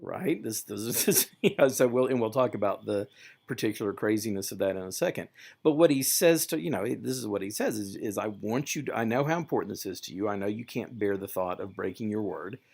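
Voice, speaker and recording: Guy teaching a lit class, kinda gravelly, talks loose and lively, restarts a lot. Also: on the low side, a little fast. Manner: conversational, animated, many fillers and restarts. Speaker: literature lecturer. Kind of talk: classroom lecture with paraphrased readings.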